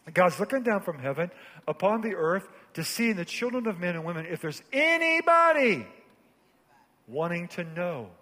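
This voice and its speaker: Male pastor, high voice, sermon delivery that drops to a hush then builds to shouts; long hall reverb. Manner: preaching with big swings from hushed low phrases to shouted climaxes.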